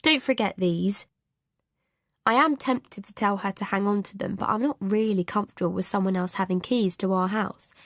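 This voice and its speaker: A woman's voice: medium pitch, steady tone, a little fast, hardly any pauses, a bit bright, no room sound, clean studio sound. A woman narrating a first-person audiobook thriller in an anxious, confessional inner voice.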